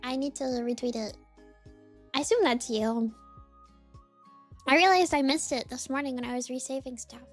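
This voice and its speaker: A young woman streaming, chatting casually and excitedly greeting her chat one by one. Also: high voice, moderate pace, pauses often, faint music behind. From United States.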